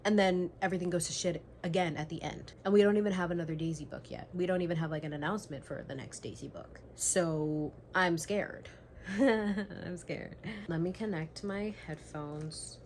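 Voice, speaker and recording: A young woman vlogging her reactions to a book she is reading, excitable and gushing, swearing freely and now and then dropping to a whisper. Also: fairly low pitch, fast, few pauses, slight background noise. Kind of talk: casual reading vlog reactions.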